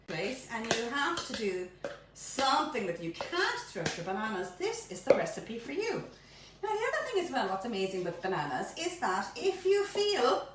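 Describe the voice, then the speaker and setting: A woman's voice: sits high, big pitch swings, moderate pace. A woman hosting her own baking show, chatting playfully through a recipe and often tripping over her words. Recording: very echoey room, mic at a distance, faint noise.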